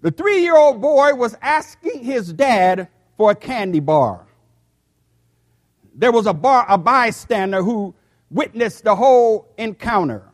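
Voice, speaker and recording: In his sixties, this male pastor preaches a sermon in a voice that's high for a man. He speaks slowly and deliberately, now and then repeating his words as he addresses the congregation.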